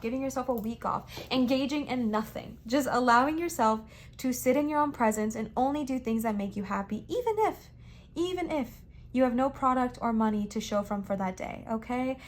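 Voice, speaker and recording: A woman's voice: fairly high pitch, a little hiss or hum. Chatty young woman giving a tarot reading. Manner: warm, emphatic reassurance with repeated affirmations; chatty and slangy, says frickin' and bestie. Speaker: tarot reader. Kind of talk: casual tarot reading to camera.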